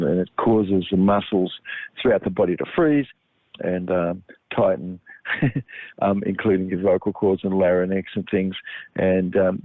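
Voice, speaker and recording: Over a tinny, phone-like, dry line, a deep-voiced man gives a rambling health monologue with no room sound. He meanders, filling it with ums and restarts.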